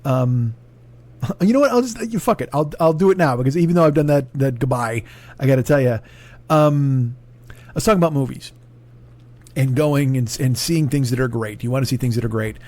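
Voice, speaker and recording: A man's voice: medium pitch, fairly quick, darkish tone. A man hosting his own comedy podcast, telling a profane story and acting out both sides of the argument in raised voices.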